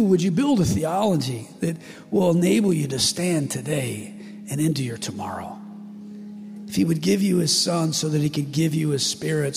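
A man with a high, husky voice preaches an impassioned sermon, moving between hushed lines and shouted declarations. His voice carries a gravelly edge. The sound rings with the long reverb of a church hall. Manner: impassioned, rising to shouts and dropping to near-whispers. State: emotional. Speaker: pastor.

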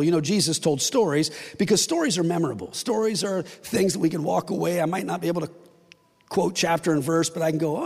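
A man pastor preaching a sermon to his church, retelling a parable with lively storytelling and playful asides. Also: a little high, fast, gravelly, husky. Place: church sanctuary. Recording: long reverb in a hall.

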